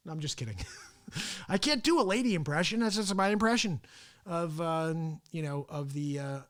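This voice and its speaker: A man's voice: a little high, animated, normal speed, a bit bright. Chatty man hosting a live stream. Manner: rambling, chatty, chuckles often. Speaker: host of a daily live talk show. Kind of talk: casual live-stream chat.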